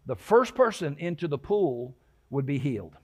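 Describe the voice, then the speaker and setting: Male pastor with a slightly higher voice, chatty sermon delivery that stops and restarts and dramatizes quotes. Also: sing-song, normal speed. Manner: conversational preaching with frequent restarts and acted-out quotes.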